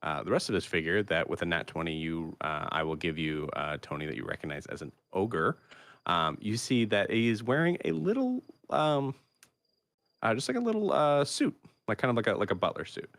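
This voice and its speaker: A young man narrating as game master, describing scenes haltingly with many fillers. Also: on the low side, animated, fairly bright tone, dry recording.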